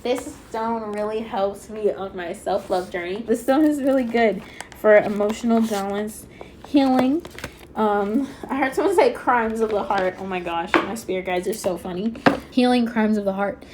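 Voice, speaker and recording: A woman giving a pick-a-card tarot reading, chatty and excitable, talking fast with lots of fillers and a slightly stuffy nose. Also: medium pitch, a little hiss or hum. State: a little stuffy-nosed. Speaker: tarot reader.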